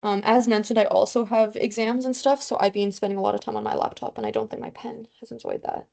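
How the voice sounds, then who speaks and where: Fast-talking with few pauses, a young woman speaks in a high-leaning, steady, mellow voice that turns creaky. She's a student tutor leading an online review lesson by video call, keeping it casual and self-deprecating while going over formulas.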